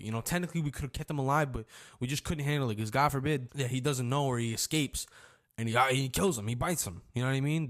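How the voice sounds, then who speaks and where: A young man talks through a story time in a loose, rambling way, full of slang and cursing. His voice sits at an ordinary middle pitch. Now and then he breaks into loud, acted-out shouts when quoting people. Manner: rambling, slangy, swearing freely. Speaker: storyteller vlogger.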